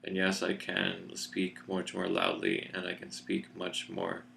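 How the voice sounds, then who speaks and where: A man giving a reflective personal video update in a relaxed, grounded chest voice, unhurried and thoughtful as he searches for words. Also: deep voice, vocal fry, slight background noise. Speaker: vlogger. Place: seated in a chair indoors.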